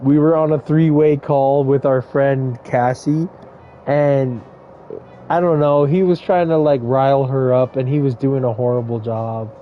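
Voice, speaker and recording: A man's voice: mid-range voice, fairly even intonation, unhurried, phone-quality sound, soft background music. A man casually commenting on a game he plays, rambling into crude, joking stories. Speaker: gaming streamer. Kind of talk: casual let's-play commentary.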